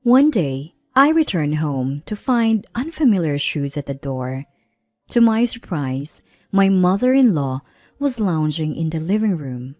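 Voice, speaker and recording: A woman in her thirties narrating a personal story in a measured, plaintive way. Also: sits low, big pitch swings, darkish tone, no echo, soft background music. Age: 30s.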